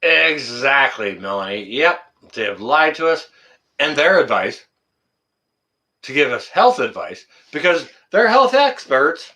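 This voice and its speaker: A man's voice: mid-range voice, sing-song, unhurried, bright, forceful tone. A man hosting a casual live stream, answering chat in a blunt, joking way and swearing freely.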